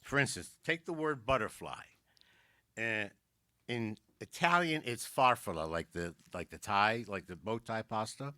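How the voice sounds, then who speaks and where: A man doing a stand-up comedy set, telling jokes with quick wisecracks and asides. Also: on the low side, lively intonation, pushed and bright, no room sound. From South Philadelphia. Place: community arts center.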